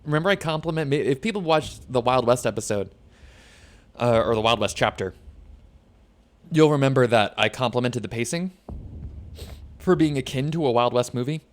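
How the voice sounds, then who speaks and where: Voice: medium pitch, moderate pace, pauses often. A streamer giving chatty, sarcastic commentary while playing a game. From New Jersey. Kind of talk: casual gameplay commentary.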